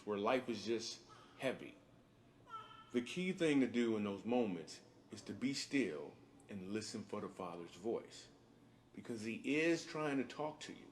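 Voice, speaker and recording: A man, a comedian and father, narrating a faith video in a relaxed, enthusiastic, conversational way. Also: fairly low pitch, slight background noise. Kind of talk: video testimony.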